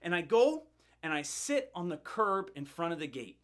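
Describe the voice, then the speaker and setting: A middle-aged man preaching, his voice sitting a little higher than most men's. He tells a personal story in an animated way, building tension and often doubling his words as he goes. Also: moderate pace. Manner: animated, building tension, frequent word repeats. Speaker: pastor. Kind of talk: sermon storytelling.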